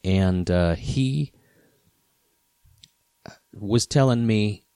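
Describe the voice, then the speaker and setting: A man hosting a podcast, telling a story in a relaxed, rambling way with many fillers. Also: lowish voice, very slow, smooth, no room sound. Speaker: podcast host, guitar repair specialist. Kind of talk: casual storytelling.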